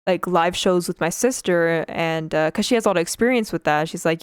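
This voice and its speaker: A young woman from Canada talks through a casual drawing livestream, her voice on the low side for a woman and clean and smooth. She rambles from thought to thought with fillers along the way, and a slight speech impediment colours her words. The sound is dry and close, with no room around it. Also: fairly quick, hardly any pauses, no room sound. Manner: chatty, rambling, frequent fillers and laughs. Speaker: Twitch streamer.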